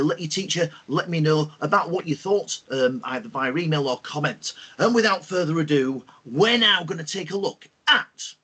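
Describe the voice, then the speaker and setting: Man, online lesson host, high-pitched, husky, lively teacher manner. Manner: lively, expressive teacher talk with fillers. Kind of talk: online lesson for school pupils.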